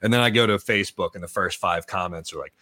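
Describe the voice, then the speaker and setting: A man co-hosting a podcast in casual chat, making quick sarcastic quips and saying "yeah" often. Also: low-pitched, bright, forceful tone, no room sound. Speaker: podcast co-host.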